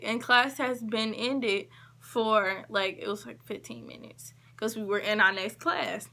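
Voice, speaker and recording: A woman vlogger telling a story in a casual, emphatic way, acting out what people said and shifting between quick and drawn-out phrases. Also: mid-range voice, creaky. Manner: emphatic, animated retelling with quoted dialogue.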